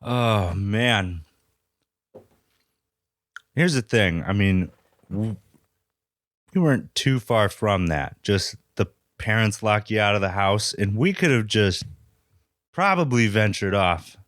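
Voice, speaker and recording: A man co-hosting a podcast who talks slowly and reacts with groans and laughter. His voice sits in the middle range but moves around a lot. The sound is dry and close to the mic. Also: on the low side, expressive, fairly bright tone, no echo. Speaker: podcast co-host. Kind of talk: casual chat.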